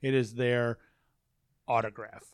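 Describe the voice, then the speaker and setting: A man's voice: mid-range voice, level tone, slow pace, no echo, studio quality. A man in casual chat, telling rambling stories full of swearing and quoted asides. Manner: profane, rambling storyteller.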